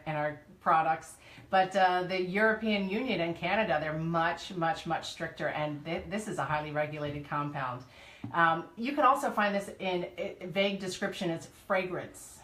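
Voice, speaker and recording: Female co-host, slightly low voice, chatty and teasing; echoey room. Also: a bit bright. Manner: teasing, chatty, laughs often. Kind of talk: casual chat.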